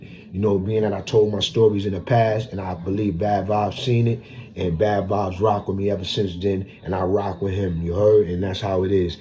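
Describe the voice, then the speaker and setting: Bronx man, New York accent, low mellow voice, dull lo-fi sound, casual street storytelling with lots of slang. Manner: street slang, repeats "you heard?". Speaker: vlogger telling prison stories.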